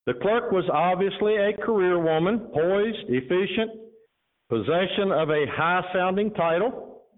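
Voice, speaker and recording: A man preaching a sermon to his congregation, mixing earnest exhortation with casual asides, then reading a story aloud. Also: fairly high pitch. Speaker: pastor. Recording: tinny phone-like sound.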